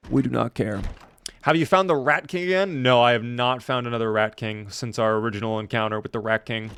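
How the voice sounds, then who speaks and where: A man streams a game live, keeping up a joking, talkative running commentary. He thanks followers by name and banters with his chat. His voice sits at a middle pitch. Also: a bit bright, clear, resonant tone. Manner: playful, chatty, talks to chat and thanks viewers.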